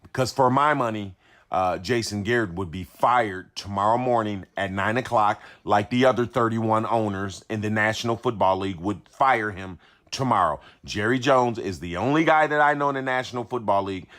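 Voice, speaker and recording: Male sports commentator, fired-up rant, repeats himself for emphasis, lowish voice. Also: normal speed, fairly bright tone. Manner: indignant, repetitive, emphatic. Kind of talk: ranting video commentary.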